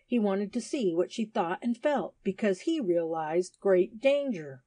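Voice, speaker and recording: A woman reading a story aloud at a steady pace, lifting her voice when the characters speak. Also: medium pitch, unhurried, no room sound. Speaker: story reader. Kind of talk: scripted narration of a graded English reader.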